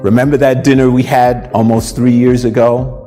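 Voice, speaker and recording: A man's voice: medium pitch, level tone, normal speed, mellow, lightly acted. A sly, kindly old village elder, as a storyteller puts him on, speaking in a raised, reassuring voice. His words ring out with a long hall echo, and faint music sits behind him. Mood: proud.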